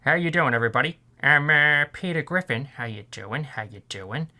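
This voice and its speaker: Guy doing a goofy oafish cartoon dad, jovial and a bit higher than his own voice. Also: moderate pace, bright, forceful tone.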